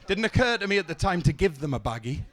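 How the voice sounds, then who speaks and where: A young man doing a stand-up set, telling deadpan one-liners with stumbling restarts, on a comedy club stage. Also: high-pitched, fast. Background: audience laughter.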